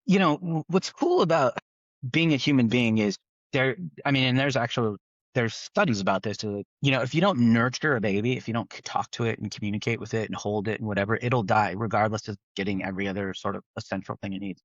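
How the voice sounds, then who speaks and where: A man's voice: fairly low pitch, quick pace, no echo, dull audio. A man from the East Bay of California, a tech founder talking casually on a podcast, rambling with frequent restarts and "right?" tags.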